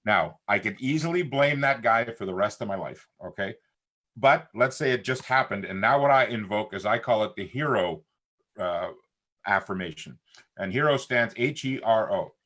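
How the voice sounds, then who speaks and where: A middle-aged man appears as a talk show guest, chatting casually in a fairly low voice at a moderate pace. He's an animated storyteller who acts out what people said.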